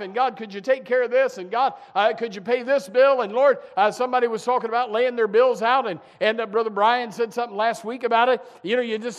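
A man preaching a sermon, swinging from quiet asides to loud fervent cries, with many restarts. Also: high voice.

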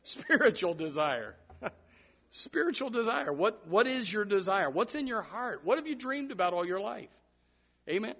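A male pastor preaching a sermon in church, animated, with repeated words and sudden loud rises. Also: sits high, normal speed, highs cut off.

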